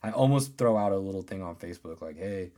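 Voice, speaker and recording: Deep-voiced man telling loose, profane stories. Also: animated, fast, warm tone. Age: 30s. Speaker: podcast host. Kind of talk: casual monologue.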